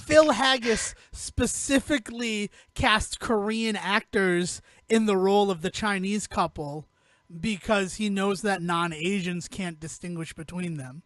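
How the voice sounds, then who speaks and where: A man with a high, light voice rambles through a casual podcast chat, animated and loose with swear words. The sound is dry and close, with no room around it. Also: measured pace, no echo. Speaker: podcast co-host.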